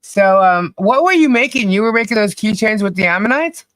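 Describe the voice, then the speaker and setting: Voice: mid-range voice, animated, fairly quick, fairly bright tone, no room sound. A podcast co-host chatting casually on a livestream, cheerfully calling out viewers' names and laughing often.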